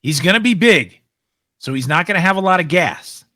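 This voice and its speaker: A man at a tabletop game coaches a fellow player like a corner man, in short, punchy phrases. His bright voice swings widely in pitch, in a dry, close recording. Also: animated, brisk, no room sound. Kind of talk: casual tabletop play.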